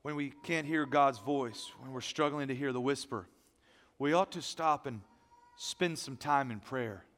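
A pastor preaching a sermon, animated, moving between loud emphasis and hushed asides. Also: male voice, mid-range voice, a little slow, big-room sound.

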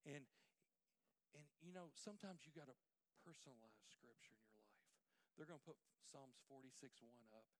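A pastor preaching a sermon, swinging between hushed near-whispers and loud, emphatic lines. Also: male voice, mid-range voice, normal speed.

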